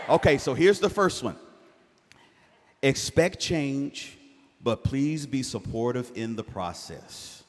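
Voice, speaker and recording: A man speaking to incoming students' parents at a university event, animated and joking, asking the crowd to answer back. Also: medium pitch, slow. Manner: animated, jokey, calls for audience response. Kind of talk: live presentation to parents. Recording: hall reverb.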